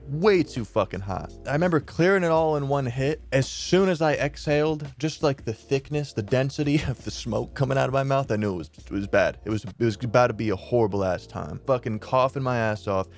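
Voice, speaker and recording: Rambling man telling a story. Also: medium pitch. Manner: rambling, filler-heavy, profane. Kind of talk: casual storytelling.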